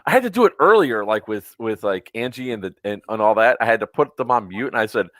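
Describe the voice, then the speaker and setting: Animated man, laughing, dry mic. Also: lowish voice, fast talker, no echo. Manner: animated, laughs often, firm and scolding on a complaint call. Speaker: podcast co-host. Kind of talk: casual chat.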